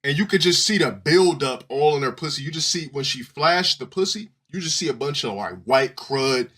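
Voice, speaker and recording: A man's voice: a little high, animated, normal speed, fairly bright tone. A man streaming live and telling crude, rambling stories to his viewers, swearing and restarting often. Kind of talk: casual profane storytelling to a live audience.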